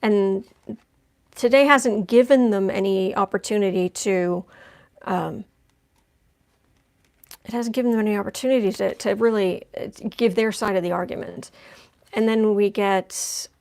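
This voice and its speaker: A woman's voice: mid-range voice, measured pace, long pauses, darkish tone. A woman giving a chatty live-stream tarot reading, making wry asides as she lays out cards. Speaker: tarot reader.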